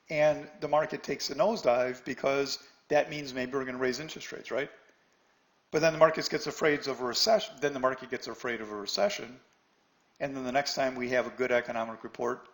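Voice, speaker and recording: Animated male trading instructor. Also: medium pitch. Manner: animated, asks the audience questions, acts out a news anchor. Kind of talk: live webinar lesson.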